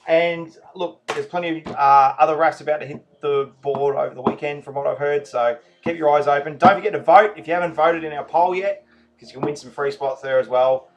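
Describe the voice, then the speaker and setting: A man's voice: fairly high pitch, fairly quick, lo-fi sound. A man hosting a live raffle draw, chatty and laid-back, reading out names and often apologising to players. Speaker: raffle host. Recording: noisy home recording.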